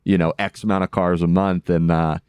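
A man hosting a casual interview, chatty and quick to laugh. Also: low voice, little pitch movement, a little mellow, clean tone, no echo. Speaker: interview host.

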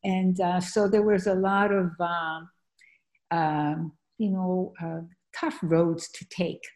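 A woman's voice: fairly low pitch, level tone, takes it slowly, a little mellow. A woman whose first language is French, from Argentina, telling her story earnestly as an author being interviewed, with frequent fillers. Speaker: author and guest. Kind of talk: conversational interview.

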